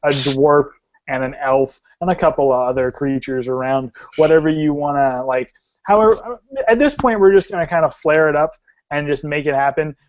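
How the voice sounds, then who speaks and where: Male game master, excitable and casual, somewhat high, dull lo-fi sound. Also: moderate pace. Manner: excitable, laughing, loose and casual. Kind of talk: narrating a tabletop game. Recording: dull lo-fi recording.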